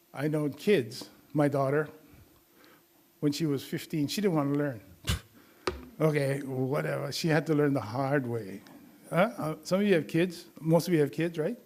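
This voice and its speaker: An older man from Hawaii, with a high-ish voice and a somewhat dark tone, gives a community health talk to a live audience. He keeps it casual and teasing, laughing often and mimicking other people's voices.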